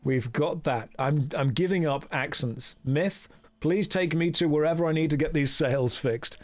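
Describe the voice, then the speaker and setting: A man's voice: a little high, moderate pace. A man from the UK chatting wryly with his viewers while streaming a game. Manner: wry, joking asides to chat while reading game dialogue. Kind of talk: casual live-stream commentary.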